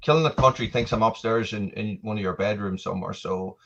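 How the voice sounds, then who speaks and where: A middle-aged Irish man talking as a guest over a video call, fairly low-voiced and quick to joke at his own expense. The sound is muffled and lo-fi, like call audio. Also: a crowd in the background. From Ireland. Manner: jokey, self-mocking, laughs at his own lines.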